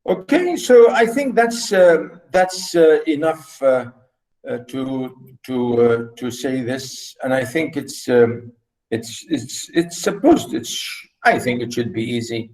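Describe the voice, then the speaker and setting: A man's voice: mid-range voice, slow pace, a little mellow, rough recording. A man lecturing students over a video call, explaining poetic meter in a rambling way with many fillers and repeats. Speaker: university literature lecturer.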